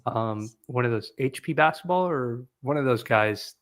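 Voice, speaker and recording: A man's voice: medium pitch, lively intonation, normal speed. A man co-hosting a casual sports livestream, recalling things loosely and laughing often. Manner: laughing, loose conversational recollection. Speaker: podcast co-host.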